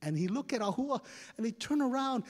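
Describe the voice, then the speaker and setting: Animated Hawaiian Pidgin storyteller man. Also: very high voice, fairly quick. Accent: Hawaiian Pidgin English. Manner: animated, dramatic, playful. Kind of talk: live storytelling performance. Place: stage at a storytelling festival. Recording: long hall reverb.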